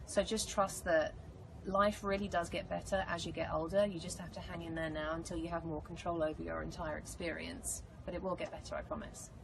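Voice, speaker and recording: An English woman tells stories with bubbly, animated energy, her voice sitting a little low for a woman. She chats casually through fan questions on a live stream. The audio carries clear background noise. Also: a little fast. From England. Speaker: actress answering fan questions.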